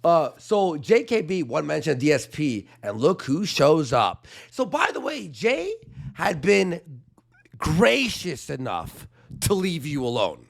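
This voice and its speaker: A man's voice: fairly high pitch, very animated, measured pace, creaky. A man streaming commentary who reads messages aloud in a sarcastic, incredulous way. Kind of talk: casual commentary reading messages.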